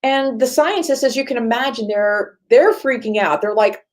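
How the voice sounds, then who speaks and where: A woman's voice: a little high, moderate pace. A woman who works as a reference librarian, giving a chatty panel talk and telling stories that act out the voices of the people in them. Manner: lively storytelling, acts out quoted voices; chatty, self-correcting asides.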